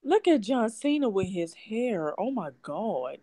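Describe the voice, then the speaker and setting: Expressive, blunt woman podcast co-host. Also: mid-range voice, a little slow. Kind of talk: casual chat.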